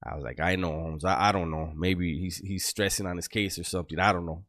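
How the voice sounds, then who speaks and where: Deep-voiced man telling a rough street story. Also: fairly even intonation, brisk, fairly bright tone, dry recording, studio quality. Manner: profane, street slang, loose and rambling. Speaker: storyteller recounting his past. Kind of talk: casual storytelling.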